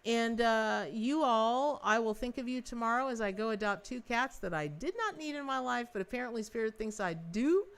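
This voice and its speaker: A woman hosting a live-stream tarot reading, talking in an effusive, rambling way with many restarts and speaking warmly to her viewers. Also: fairly high pitch, expressive, moderate pace, few pauses, clean tone. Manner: folksy and affectionate with viewers. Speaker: tarot reader and livestream host.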